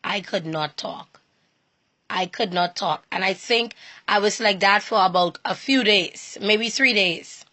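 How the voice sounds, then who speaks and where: In a mid-range voice with a sharp tone, an inspirational speaker shares her faith in an earnest, personal talk. She tends to repeat herself, halting and restarting her phrases.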